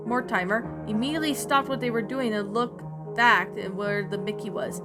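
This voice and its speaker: Brief: woman storyteller, higher voice, rambling review, faint music behind. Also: a little fast, few pauses. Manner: rambling, self-correcting. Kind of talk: creepypasta reading and review.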